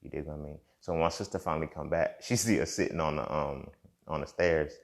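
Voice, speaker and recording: Man, young adult, very low voice, gravelly, casual reflective podcast monologue. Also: steady tone, fast. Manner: conversational, repeats himself, frequent "you feel me". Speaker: podcast host.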